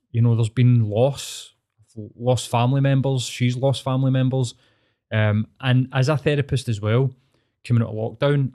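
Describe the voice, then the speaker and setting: A man's voice: mid-range voice, a little mellow. Man, Glaswegian accent, casual storytelling, rambling, swears a lot, earnest. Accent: Scottish, Glaswegian.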